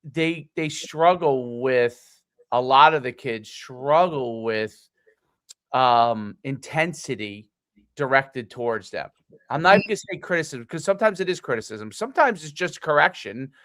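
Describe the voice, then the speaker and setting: A man co-hosting a podcast, speaking haltingly and searching for words with many restarts. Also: medium pitch, lively intonation, a bit bright, no room sound. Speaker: podcast co-host. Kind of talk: casual podcast conversation.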